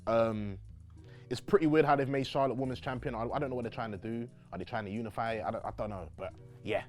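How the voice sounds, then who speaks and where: A young man giving quick, upbeat predictions in a casual wrestling chat. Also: medium pitch, darkish tone, faint music behind.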